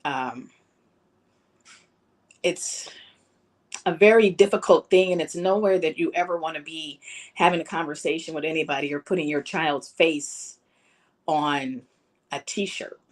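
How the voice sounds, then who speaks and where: Low-voiced grieving mother, halting and tearful. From Chicago, USA. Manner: halting, emotional, many fillers. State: close to tears. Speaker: bereaved mother speaking at a town hall. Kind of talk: personal testimony.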